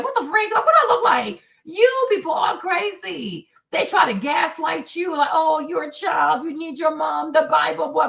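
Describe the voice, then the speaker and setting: High-voiced woman in her forties ranting. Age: 40s. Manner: emphatic and animated, swinging between shouting and low asides. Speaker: livestream host. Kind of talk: candid solo livestream rant.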